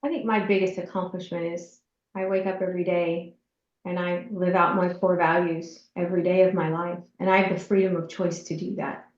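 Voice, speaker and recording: A woman's voice: fairly low pitch, flat delivery, moderate pace, reverberant, lo-fi sound. A woman speaking as an entrepreneur guest in an interview, heartfelt and repeating her phrases.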